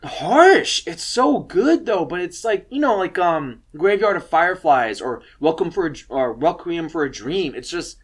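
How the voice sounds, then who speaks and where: A man's voice: on the high side, animated, measured pace, few pauses, husky. Rambling, profane young man. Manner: rambling and profane, many fillers. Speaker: film reviewer. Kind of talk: casual film recommendations.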